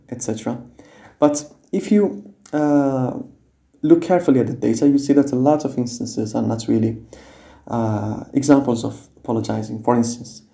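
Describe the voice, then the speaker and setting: Dark-voiced man explaining a tutorial. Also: mid-range voice, brisk, creaky, roomy sound. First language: non-native English speaker. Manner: patient, explanatory, frequent "okay?" checks. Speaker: teacher. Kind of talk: screen-recorded tutorial.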